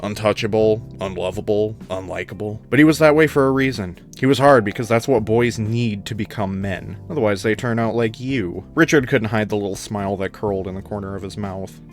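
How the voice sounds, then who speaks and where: A man reading his own comedic fan story aloud in a dry, measured narration. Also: lowish voice. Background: faint guitar music.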